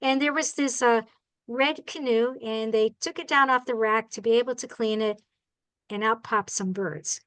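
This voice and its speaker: High-voiced woman telling lively stories. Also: normal speed, clean tone, rough recording. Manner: animated, acts out the people and birds in her stories; chatty, asks the audience "all right?". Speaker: bird rehabilitator giving a talk. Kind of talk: storytelling talk to a club.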